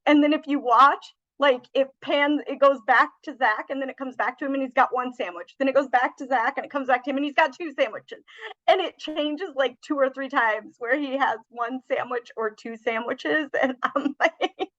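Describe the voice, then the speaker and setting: High-voiced woman on a dull lo-fi recording. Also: normal speed, fairly bright tone. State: drinking while talking. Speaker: podcast co-host. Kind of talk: casual movie review chat.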